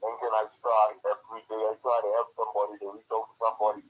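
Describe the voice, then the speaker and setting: A man's voice: lowish voice, completely flat delivery, racing, a loud crowd. A man with a Bahamian accent calling in to a talk show, impassioned and distressed, repeating himself over a phone line. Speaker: caller.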